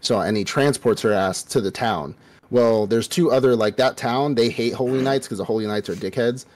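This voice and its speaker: A man's voice: mid-range voice, normal speed, darkish tone. A man co-hosting a podcast, telling an anime plot in loose, profane casual chat and acting out the characters' lines. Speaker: podcast co-host.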